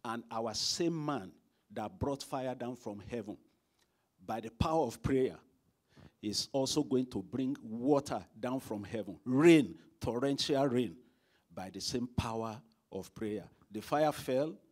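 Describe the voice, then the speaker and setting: A man's voice: medium pitch, a little slow. Man preaching, emphatic delivery, mid-range voice, rhetorical questions. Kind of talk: sermon. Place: church service.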